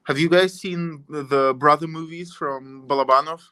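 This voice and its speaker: Podcast host, male, from Italy, slightly higher voice, loose rambling talk. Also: fairly even intonation, moderate pace, pushed and bright, clean tone. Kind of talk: casual podcast chat.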